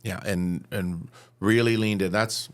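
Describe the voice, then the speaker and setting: Speaking at a measured pace in a lowish voice, a man in his fifties from upstate New York shares personal stories as a podcast guest, vividly acting out the quotes of others.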